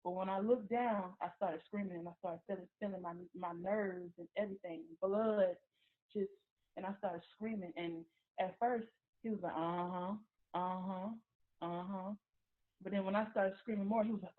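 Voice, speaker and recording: A woman tells her own story as a personal testimony. She talks haltingly, restarting and repeating words as she goes. Her voice comes through a thin, phone-like recording. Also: medium pitch.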